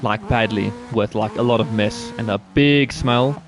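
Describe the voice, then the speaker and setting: A man's voice: lowish voice, unhurried, noisy background. A man giving rambling, crude, joking commentary while he plays a racing game. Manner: rambling, jokey, crude humor. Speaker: gaming streamer. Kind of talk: casual gameplay commentary.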